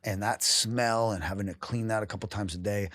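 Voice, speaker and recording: Guy from new england, lowish voice, dry close sound, raw and emotional, swears a lot. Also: steady tone, brisk, a bit bright, no room sound. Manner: raw and emotional, swears freely, breaks off and restarts. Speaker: podcast guest. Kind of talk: candid storytelling in a podcast interview.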